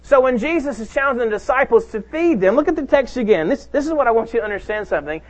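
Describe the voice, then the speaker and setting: A man's voice: very high voice, expressive, fast talker, low-quality recording. A male pastor preaching a sermon, emphatic and calling out to his congregation.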